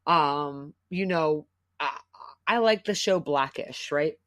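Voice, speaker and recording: A woman's voice: low voice, slow pace, a bit bright. A middle-aged woman hosting a podcast, talking in an emotional, rambling way and swearing freely. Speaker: podcast host. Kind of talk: casual podcast conversation.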